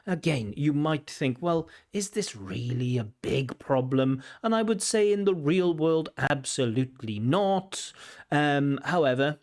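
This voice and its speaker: A man's voice: mid-range voice, expressive, darkish tone. Man giving patient IELTS feedback. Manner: explains slowly, repeats example words with stress. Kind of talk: teaching commentary on a recorded test.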